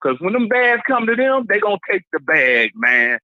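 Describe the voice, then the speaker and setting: A high-pitched man calling in to a talk show. He speaks passionately, repeating his points as if preaching. His voice comes through a dull, lo-fi phone line with little room sound. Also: very animated, moderate pace, dry recording. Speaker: caller. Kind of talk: casual call-in rant.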